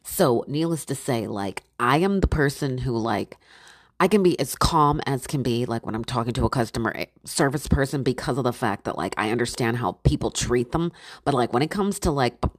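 A woman with a deep, low-pitched voice rants through a casual story, exasperated and animated. She acts out her own quoted lines along the way. The sound is dry, with no room echo. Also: fairly quick.

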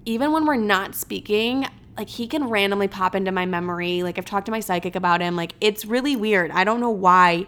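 Hosting a podcast solo, a young woman speaks briskly with few pauses, her mid-range voice fairly bright and smooth. She is chatty and dramatic, swears freely, and uses many fillers, especially "like."

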